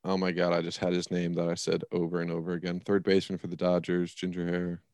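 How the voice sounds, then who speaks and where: A man's voice: sits low, completely flat delivery, fast talker, darkish tone, smooth, no echo, clean studio sound. A man co-hosting a casual sports podcast, talking in a rambling, emphatic way. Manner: rambling, emphatic, swears when worked up. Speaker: podcast co-host.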